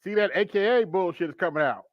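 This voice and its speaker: A man's voice: high-pitched, lively intonation, fast talker, heavy background noise. Laid-back male host, dull lo-fi sound. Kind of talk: casual commentary.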